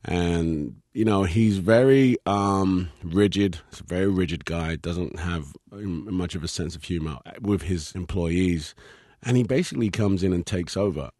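A man's voice: low voice, unhurried, no echo, clean studio sound. A British man, an actor, chatting as an interview guest, laughing easily and telling stories with lots of fillers. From Britain. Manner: laughs easily, relaxed storytelling with many fillers. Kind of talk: casual interview chat.

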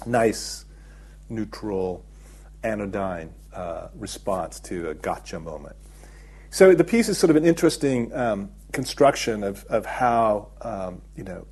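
Middle-aged male filmmaker in an interview, somewhat low and breathy-husky, thoughtful and explanatory, many pauses. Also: a little mellow. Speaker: documentary filmmaker, interview guest. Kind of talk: reflective interview talk.

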